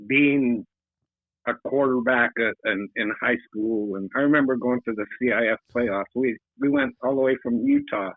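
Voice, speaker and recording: A man's voice: medium pitch, vocal fry, no echo. Elderly man, casual guest storyteller who chuckles, heard over a phone line. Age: 70s. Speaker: guest, host's uncle. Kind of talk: casual chat. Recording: tinny phone line, dry.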